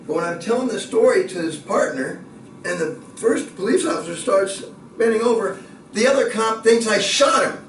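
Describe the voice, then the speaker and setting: Brief: expressive man spinning a funny anecdote, far from the mic in a roomy space with faint background. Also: sits high, normal speed, a little hiss or hum. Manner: lively, building to excited shouting and laughter. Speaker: speaker. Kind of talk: animated storytelling. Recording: echoey room from a distant mic.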